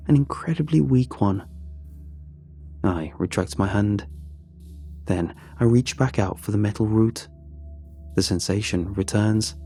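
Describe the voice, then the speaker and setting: A man reading a horror story aloud in a measured, hushed storyteller's manner. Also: fairly low pitch. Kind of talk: scripted horror narration.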